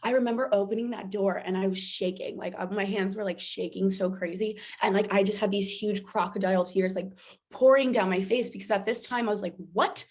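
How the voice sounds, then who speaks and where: A woman's voice: mid-range voice, fairly even intonation, brisk, a little mellow. A woman guest on a podcast, telling a personal story in casual chat and animatedly acting out the dialogue she quotes.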